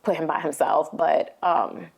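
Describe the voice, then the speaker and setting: A woman's voice: low voice, a little slow, gravelly, slightly rough. A middle-aged woman, a podcast co-host retelling a frightening phone call with emotion. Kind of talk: casual chat.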